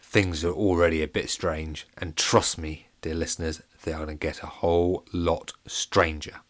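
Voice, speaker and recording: A man's voice: very deep voice, little pitch movement, normal speed, a bit bright. Guy reading a kids story aloud, playful, chats to the listeners. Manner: playful, chatty asides to listeners. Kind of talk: audiobook narration for children.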